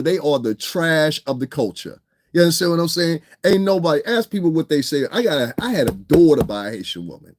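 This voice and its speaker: A man's voice: on the high side, expressive, a little fast, gravelly, darkish tone, no room sound, clean studio sound. A man with a New York accent giving blunt, profane livestream commentary, often tagging lines with "you understand what I'm saying". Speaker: online commentator.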